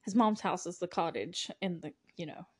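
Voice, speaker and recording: A woman's voice: lowish voice, moderate pace, husky. A young woman hosting a podcast, chatting casually and gushing about a movie, rambling with frequent laughs. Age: young adult. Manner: gushing, rambling, laughs often, many "like" fillers. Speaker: podcast host.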